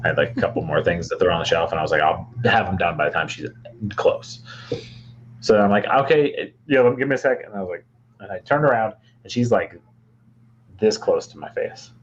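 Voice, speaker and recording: Low-voiced young man telling a rambling story. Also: fairly quick, breathy edge, highs cut off. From Michigan, US. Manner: rambling, many fillers and restarts. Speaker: podcast co-host. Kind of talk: casual storytelling chat.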